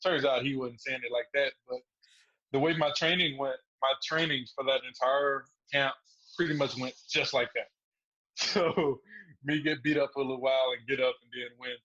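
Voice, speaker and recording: A man's voice: medium pitch, steady tone, moderate pace, sharp tone, lo-fi sound. A man guest on a podcast, telling stories casually and laughing through them. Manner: laid-back, laughs through his stories. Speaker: guest fighter. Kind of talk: casual storytelling interview.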